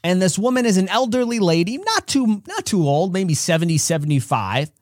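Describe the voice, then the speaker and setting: A man gives a faith-based motivational talk on his podcast, earnest and direct, and he tells stories as he goes. His voice sits fairly high for a man. It is recorded close on the mic, dry and without room echo. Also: very animated, a little fast. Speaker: podcast host.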